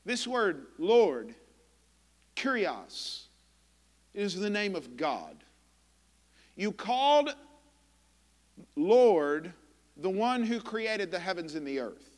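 Male pastor, high and bright voice, slow deliberate impassioned sermon delivery. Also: big pitch swings, big-room sound. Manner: impassioned, emphatic preaching with dramatic pauses. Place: church sanctuary.

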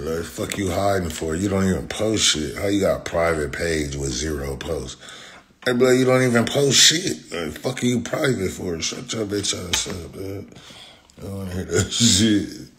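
A man's voice: deep voice, fairly bright tone. A young man in a profane, taunting rant, repeating his insults over and over. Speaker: social media commenter. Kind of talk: angry rant.

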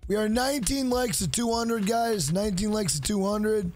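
A man's voice: sits high, normal speed, a little mellow, slight background noise. A man streaming a fighting game live, talking casually, swearing freely and trash-talking the opponent. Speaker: gaming streamer.

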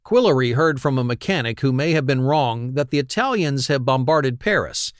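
Man giving a lively audiobook narration. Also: medium pitch, moderate pace, clean tone, no room sound, clean studio sound. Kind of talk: scripted narration.

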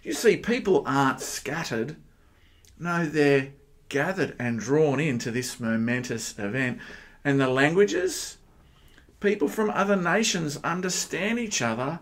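An Australian man preaching a sermon, animated and emphatic, firing rhetorical questions at his listeners. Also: measured pace. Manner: animated, with sudden jumps in pitch and loudness. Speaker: pastor.

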